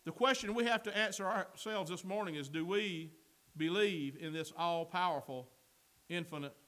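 A man delivers a sermon in a very high voice. His tone is bright and forceful, swelling into shouted lines before easing into folksy, joking asides. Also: moderate pace. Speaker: pastor.

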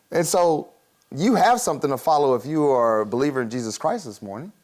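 A man preaching a sermon in a casual, conversational way, laughing often and acting out quick voices as he teaches. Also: medium pitch, animated, darkish tone. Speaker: pastor.

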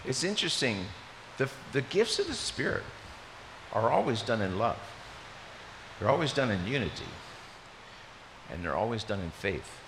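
A middle-aged man from Maryland preaching a sermon, an animated storyteller who tosses in joking asides. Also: medium pitch, moderate pace, long pauses. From Maryland, USA. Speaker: pastor. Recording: reverberant hall, faint hiss.

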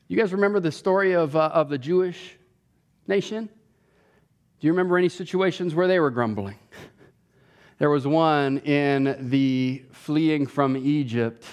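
A man preaching a sermon, animated and repeating words as he starts phrases, rising in pitch when he voices others' complaints. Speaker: pastor.

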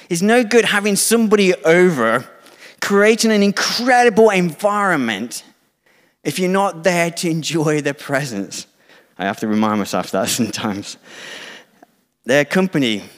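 A man's voice: fairly high pitch, clean tone, long reverb tail. A middle-aged man preaching a conversational, self-deprecating sermon to a church congregation, now and then acting out quoted dialogue.

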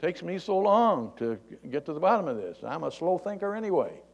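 A man's voice: high voice, big pitch swings, a little fast, vocal fry, lo-fi sound. A male preacher giving a folksy, conversational sermon.

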